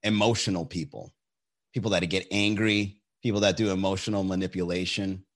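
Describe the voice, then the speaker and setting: A man's voice: low-pitched, steady tone, fairly quick, fairly bright tone. A young man hosting a casual chat, telling a story animatedly and profanely, acting out quotes.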